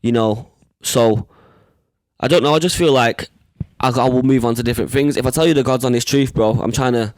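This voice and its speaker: A rapper in his early twenties from Manchester, England, speaks with a Manchester accent as a guest in a casual interview. Laid-back and rambling, he is full of slang and fillers, talking briskly in a mid-range, slightly mellow voice with no room sound.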